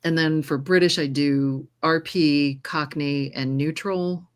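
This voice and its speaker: An American woman who narrates audiobooks and trained as a singer, chatting in a casual interview and telling lively stories with frequent laughter. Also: low voice, slow pace. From United States. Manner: lively storyteller, laughs often; trained singer with controlled delivery.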